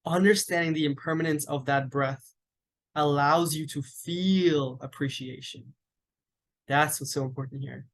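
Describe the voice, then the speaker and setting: Calm man guiding a meditation. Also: on the high side. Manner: slow, deliberate, with long pauses. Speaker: meditation teacher. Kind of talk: guided meditation instruction.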